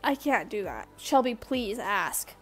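A woman's voice: mid-range voice, big pitch swings, measured pace, soft background music. A woman voicing a shy, teary fifteen-year-old girl who pleads and breaks into sobs. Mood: reluctant.

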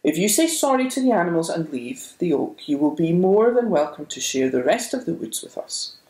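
A storyteller voicing a wise female owl who speaks calmly and firmly. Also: medium pitch, moderate pace, roomy sound, poor audio. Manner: calm, firm.

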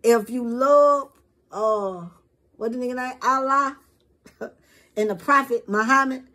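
A woman's voice: fairly high pitch, slow pace, bright, forceful tone. A woman vlogger giving a rambling, profane opinion rant to camera in casual street slang.

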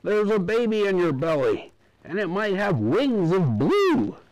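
A man reading a storybook aloud, voicing a fussy, half-blind old doctor in a high, drawn-out voice. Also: very animated, darkish tone, no echo.

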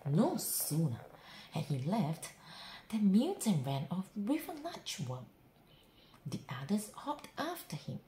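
A woman reading a children's bedtime story aloud in an expressive, sing-song way. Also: mid-range voice, takes it slowly, reverberant, slight background noise, rough recording.

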